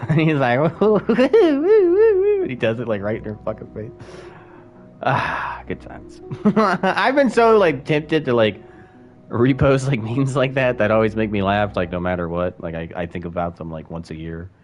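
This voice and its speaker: A man's voice: on the low side, animated, normal speed, faint music behind. A young man streaming a space game, rambling and swearing casually, bursting into yelps and laughs. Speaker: gaming streamer. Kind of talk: casual gameplay commentary.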